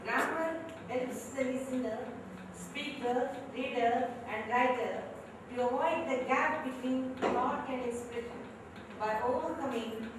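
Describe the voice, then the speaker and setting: A woman lecturing slowly and in a measured way on English grammar at a training session. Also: sits high. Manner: slow, measured classroom explanation. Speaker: communication skills trainer. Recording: echoey hall from far off, faint noise.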